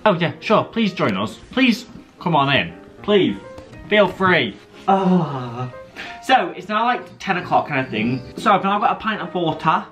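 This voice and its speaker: A man's voice: high voice, sing-song, a little slow, a bit bright. A young man chatting playfully to the camera while cooking in his home kitchen for a food vlog. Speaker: vlogger. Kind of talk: casual food vlog chat. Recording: roomy, distant, over background music.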